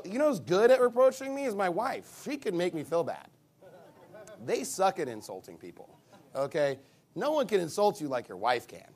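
A male pastor preaching a sermon in an animated, emphatic way, with sarcastic asides. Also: high voice.

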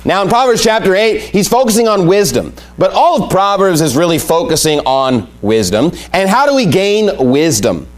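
A man's voice: sits high, very animated, normal speed, hardly any pauses. A man preaching a sermon, emphatic and repeating his key points as he reads scripture aloud. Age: adult with young family.

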